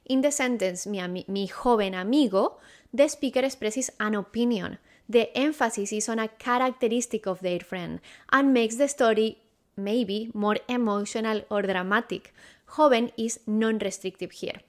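A woman's voice: medium pitch, normal speed. A woman, a teacher, giving a patient, methodical grammar lesson in English and correcting herself now and then. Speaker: Spanish teacher.

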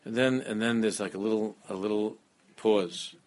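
A man giving a lively Torah class, often repeating phrases and mixing Hebrew terms into his English. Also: fairly low pitch, a little fast, hardly any pauses, a little hiss or hum. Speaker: rabbi teaching a class.

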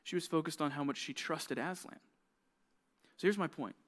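A young youth pastor preaches to teenagers in a casual, conversational way. He tells stories with lively energy and acts out the characters' lines. His voice sits a little on the high side. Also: moderate pace. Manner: conversational, animated storytelling with quoted voices. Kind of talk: youth sermon.

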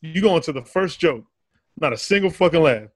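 Male comedian, slightly high voice, dry close sound, animated storytelling, curses a lot. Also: brisk, dry recording. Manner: animated storytelling, heavy swearing, laughs often. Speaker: comedian guest. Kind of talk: casual podcast chat.

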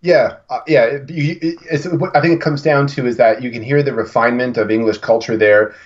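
A man's voice: medium pitch, fairly even intonation, brisk, highs cut off. A man co-hosting a podcast in casual chat, rambling and often restarting his sentences. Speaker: podcast co-host.

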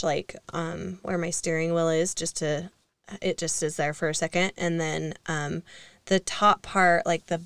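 A young woman talks in a relaxed, chatty way, rambling through a story with fillers and small laughs. Her voice sits a little low and sounds smooth and clear. The room is dry, with no echo. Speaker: co-host. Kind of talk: casual podcast conversation.

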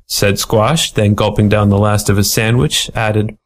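A man reading a funny noir animal story aloud with a playful, deadpan delivery. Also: lowish voice, measured pace. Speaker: story reader. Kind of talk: storybook narration.

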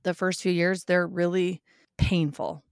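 A woman guest on a podcast, talking in a candid, animated way with emphatic swings in pitch and loudness. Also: a little slow, clear, resonant tone, no room sound, studio quality. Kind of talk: casual podcast conversation.

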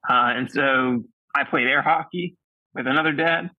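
A man's voice: medium pitch, moderate pace, no room sound. Candid man, slightly dull recording. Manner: candid and emotional, laughing through it. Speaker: podcast co-host. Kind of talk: casual conversation.

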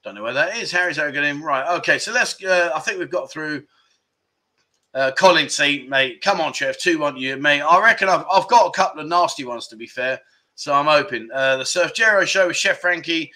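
A man in his fifties with a bright, forceful voice pitched a little high, hosting a relaxed livestream. He talks candidly and chuckles often as he reads out comments from viewers. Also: fairly quick. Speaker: livestream host. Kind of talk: casual live chat reading viewer comments.

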